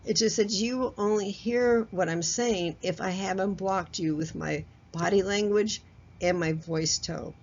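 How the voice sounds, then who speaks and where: A woman's voice: medium pitch, measured pace, a little mellow. Lady trainer talking through a work communication course, chatty, asks you stuff, bit dull lo-fi sound. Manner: conversational, asks the listener questions; chuckles at herself, loose fillers and restarts. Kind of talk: recorded training lecture. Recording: slightly dull lo-fi audio.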